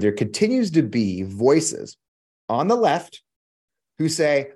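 Husky, fired-up American man ranting. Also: mid-range voice, sing-song, takes it slowly, warm tone. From United States. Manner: heated, profane, emphatic, repeats himself. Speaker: podcast host. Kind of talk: impassioned political commentary.

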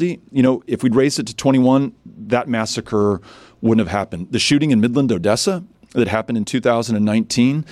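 A man's voice: lowish voice, no echo. A man from Texas, a politician as interview guest, telling a story with earnest conviction and acting out the voices of people he met. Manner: earnest, animated storyteller who acts out quoted voices.

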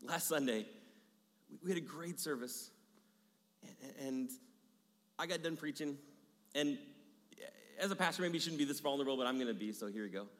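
A man in his thirties preaching a sermon in a church, energetic, repeating key phrases and dropping into hushed asides. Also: mid-range voice, fairly quick, pauses often. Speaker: pastor. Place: church sanctuary. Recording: long hall reverb.

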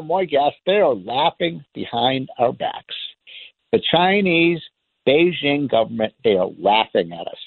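A man's voice: on the high side, no echo. A man delivering an impassioned political monologue as a radio talk host, emphatic and sarcastic, hammering his points through repetition. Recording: tinny phone-line sound, dry.

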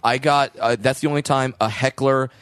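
A man's voice: mid-range voice, steady tone, moderate pace, a bit bright, clear, resonant tone, no echo. Medium-voiced man, easygoing comic anecdote, dry close sound. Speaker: comedian. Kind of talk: casual chat and anecdote.

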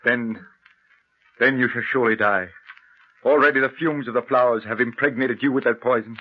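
A man's voice: mid-range voice, fairly even intonation, moderate pace, lightly acted. An actor playing an earnest elder professor who urgently warns and pleads with a young man, in 1940s radio acting style. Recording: muffled old radio broadcast.

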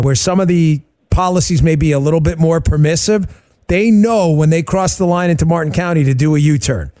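A man's voice: fairly high pitch, a little mellow. A man hosting a talk radio interview, talking emphatically with a sarcastic edge. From New York. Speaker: host.

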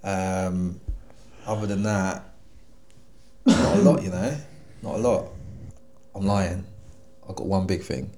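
A man, co-hosting a podcast in a relaxed, rambling chat with lots of fillers. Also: low voice, slow pace, pauses often, a little hiss or hum. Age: 30s. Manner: laid-back, rambling with fillers and restarts. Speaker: podcast co-host. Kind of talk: casual chat.

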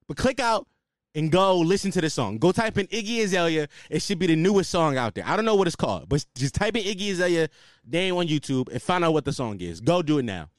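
A man's voice: a little high, big pitch swings, fast talker, dry recording, clean studio sound. A man hosting his own podcast, ranting in a loose, slangy, casual way. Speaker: podcast host. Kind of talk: casual solo podcast rant.

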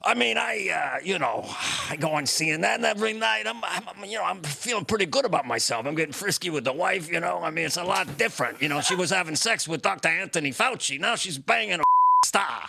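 A man's voice: high voice, animated, fairly quick, gravelly, pushed and bright, breathy edge, heavily acted. A man doing a brash, cocky tough-guy scientist. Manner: boastful, cocky, streetwise. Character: gruff tough-guy take on a famous male scientist. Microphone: video call.

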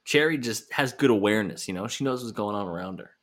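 A man's voice: on the low side, animated, fast talker, a bit bright. A man co-hosting a podcast, recapping in a playful, storytelling way. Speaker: podcast co-host. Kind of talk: casual recap chat.

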